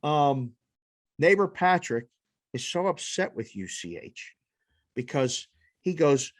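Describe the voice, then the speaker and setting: A man hosting a casual sports podcast, leading the banter in an animated, profane way. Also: fairly high pitch, slow, pauses often, no room sound, studio quality. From lives in Las Vegas. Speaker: podcast host.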